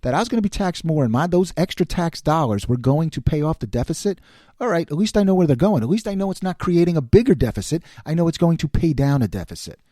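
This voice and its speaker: Casting note: middle-aged male podcast host, sarcastic, lively swinging pitch, mellow tone, dry close sound. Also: quick pace, no room sound. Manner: animated, sarcastic, quotes others in put-on voices. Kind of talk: opinionated political commentary monologue.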